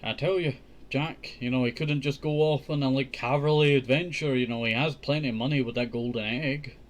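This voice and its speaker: A man's voice: mid-range voice, steady tone, a little fast, a little hiss or hum. Chatty man reading a storybook aloud. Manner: chatty, joking asides, says "I tell you" often. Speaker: host reading a children's book. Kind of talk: casual storybook reading with commentary.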